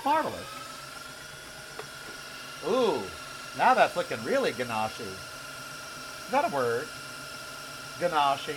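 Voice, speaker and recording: A man's voice: on the high side, wildly swooping pitch, slow pace, long pauses, noisy background. A sixty-year-old man hosting a casual home cooking show, chatting and giving sassy, opinionated asides while he works in his kitchen. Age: 60s.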